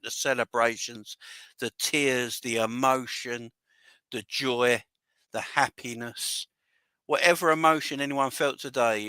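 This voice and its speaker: A man hosting a casual livestream, talking in a bright, forceful voice that wavers with emotion. He rambles excitedly and keeps shouting out viewers in the chat. The sound is dry and close. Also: mid-range voice, smooth, dry recording. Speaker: fan channel livestream host.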